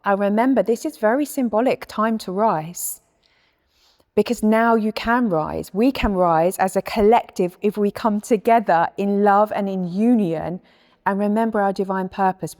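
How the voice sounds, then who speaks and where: A woman giving a soothing spiritual talk, speaking softly and slowly and guiding the listener through calming breaths. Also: mid-range voice. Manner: soft, slow and soothing, with a guided breathing passage. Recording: long echoing reverb.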